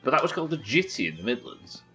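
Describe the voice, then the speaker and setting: A man's voice: mid-range voice, big pitch swings, fast, pushed and bright, faint music behind. A man chatting casually while streaming a game, rambling and talking to his viewers. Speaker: live streamer. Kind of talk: casual gaming commentary.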